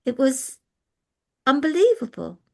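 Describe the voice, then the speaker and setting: Chatty older woman, gravelly. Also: sits high, sing-song, a little slow. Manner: chatty, laughs often, rambling anecdotes. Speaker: guest speaker. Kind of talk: video call chat. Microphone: video call.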